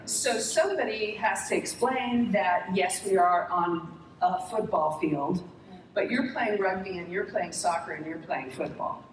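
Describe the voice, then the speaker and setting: A middle-aged woman answering questions on a conference stage, telling lively anecdotes and laughing often. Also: on the low side, unhurried. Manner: animated, acts out voices in anecdotes, laughs often. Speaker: interview guest, former talent executive. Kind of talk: conference Q&A storytelling. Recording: echoey hall, distant mic, noisy.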